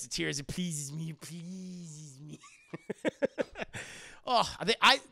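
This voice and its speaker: A man hosting a casual chat show, rambling excitedly, swearing freely and laughing often. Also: a little high, vocal fry, dry recording, clean studio sound. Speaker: podcast host.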